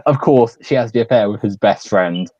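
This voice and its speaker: A man's voice: fairly low pitch, normal speed, a little mellow, no room sound, muffled recording. A man hosting a stream, chatting casually and rambling with a lot of fillers while he keeps laughing. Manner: giggly, rambling, lots of fillers. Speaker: stream host. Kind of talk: casual chat.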